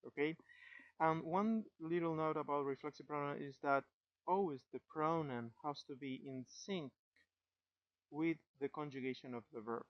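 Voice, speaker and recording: Male teacher, patient grammar explanation, smooth voice, dry close sound, slightly lo-fi. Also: on the high side, no room sound. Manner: patient, checks understanding with frequent "okay?". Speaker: Spanish teacher.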